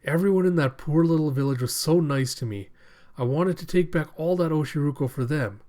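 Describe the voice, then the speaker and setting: A man voicing a huge, angry old pirate woman in a manga recap, loud and drawn out. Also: on the high side, a little fast, natural voice.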